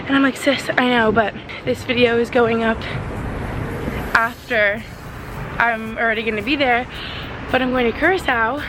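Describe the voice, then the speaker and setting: A young woman vlogging in a casual, chatty and excitable way, filler-heavy and emotional, filmed on a phone held at arm's length. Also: on the high side, normal speed, pauses often, background noise. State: emotional, teary. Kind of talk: casual vlog talk. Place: walking outdoors and driving.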